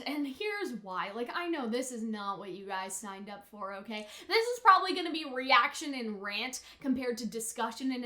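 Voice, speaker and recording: Recorded with roomy sound, this young female YouTuber has a voice on the high side. She lets out loud gasps and shrieks reacting to an anime episode before launching into a chatty rant peppered with "like."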